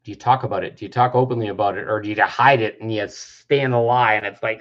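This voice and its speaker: A man's voice: fairly low pitch, fairly even intonation, fast talker. A man in his fifties giving an earnest self-help talk, sometimes acting out the voices of people he quotes. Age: 50s. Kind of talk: reflective personal-growth talk. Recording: dull lo-fi recording.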